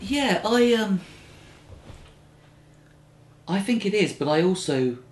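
A man's voice: high-pitched, sing-song, slow pace. A man in his thirties, a comedian answering interview questions, rambling and breaking off to act out quoted voices. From Britain. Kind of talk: conversational interview. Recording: roomy interview recording.

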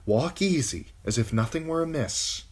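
An urgent, commanding noblewoman voiced by a man reading aloud. The voice sits well above the reader's own low register and pushes hard on its orders. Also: animated, moderate pace, husky. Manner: raised pitch, urgent commanding delivery.

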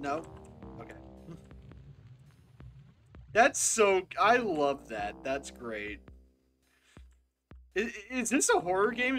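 An excitable streamer talks through a game, swearing often and swinging from loud bursts to near-mutters. The pitch is very lively. Faint game music sits in the background. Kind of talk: casual live game commentary.

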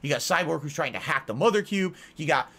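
Man, rambling movie review, unscripted, bright tone, slightly high voice. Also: lively intonation, fast, vocal fry. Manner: meandering, repeats himself. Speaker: video reviewer.

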